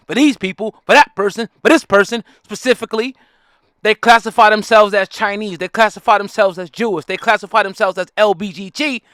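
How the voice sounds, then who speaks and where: A man rants at his audience in a high, bright, jumpy voice. He hammers the same points over and over, preacher-like and fiery. The sound is dry and close. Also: no room sound. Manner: fiery, repetitive, preachy, addresses the audience directly. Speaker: commentary host. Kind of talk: heated ranting commentary.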